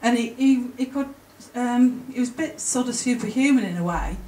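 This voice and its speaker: A woman giving an emotional, chatty conference talk, with halting restarts. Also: a little high, expressive, mellow. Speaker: conference speaker. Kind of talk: presentation to an audience. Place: conference hall. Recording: roomy hall, mic from a distance. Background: faint room ambience.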